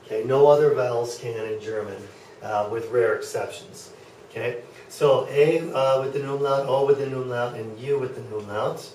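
A man teaching a German class explains things patiently in a medium-pitched, darkish voice at normal speed, frequently checking in with students by saying okay. A distant camera records the lecture, so the classroom sounds echoey, with slight background noise.

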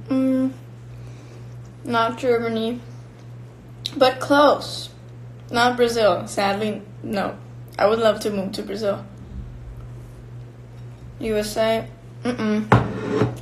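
A woman's voice: on the high side, flat delivery, slow, long pauses, a little hiss or hum, poor audio. A young woman from Finland, casually chatting with fans on a live stream and answering their comments while she eats. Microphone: phone or built-in mic.

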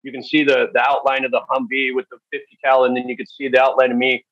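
A man speaking as a podcast guest, telling stories in a candid, halting way with many fillers. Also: medium pitch, completely flat delivery, a bit bright, no room sound. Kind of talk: storytelling interview. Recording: dull, dry lo-fi recording.

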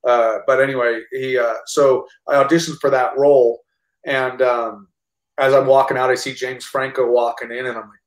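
A man's voice: medium pitch, flat delivery, normal speed. An American man in his thirties, an actor and army veteran, telling stories in a casual interview with many restarts and some swearing. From United States. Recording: roomy echo.

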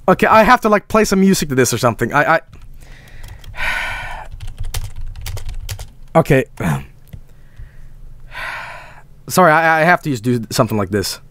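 Frantic, high-voiced streamer. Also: male voice, sing-song, unhurried, long pauses, slight background noise. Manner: loud, frantic swearing and nervous laughter. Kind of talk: live gameplay commentary.

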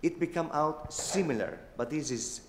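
A man whose first language is Italian, answering judges' questions on stage in a hotel hall, talking haltingly with restarts. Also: on the high side, animated, a little hiss or hum. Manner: halting, restarts phrases, many yeahs. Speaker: pitching innovator. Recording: echoey hotel hall with long reverb.

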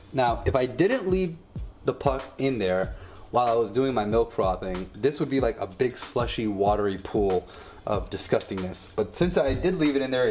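Man, casual demo, chatty, rambling asides, mid-pitched voice, faint background music. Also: darkish tone. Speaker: home coffee vlogger. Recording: echoey room with faint music.

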